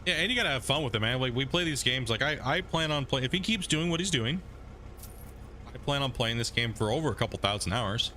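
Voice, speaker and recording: A man's voice: mid-range voice, lively intonation, fast, few pauses, sharp tone, slight background noise. A man live streaming a game, chatting casually and rambling with lots of fillers like "man" and "right," sometimes talking between bites of food. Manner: talks between bites while eating. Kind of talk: casual live stream chat while playing.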